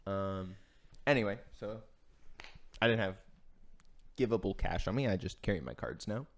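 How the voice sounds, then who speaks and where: A man's voice: fairly low pitch, moderate pace. A young man co-hosting a podcast, telling a story in casual chat with lots of restarts and swearing. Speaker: podcast co-host.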